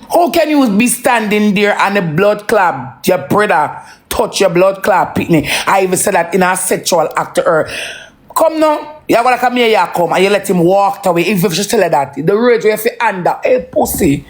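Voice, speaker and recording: A parent with a Jamaican accent in an emotional, profane ranting monologue that swings between slow brooding and heated outbursts. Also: medium pitch, expressive. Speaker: social media livestreamer.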